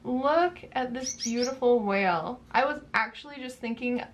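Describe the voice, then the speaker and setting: A young adult woman chatting casually through a book box unboxing, gushing and quick to exclaim over each item. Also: a little high, a little hiss or hum.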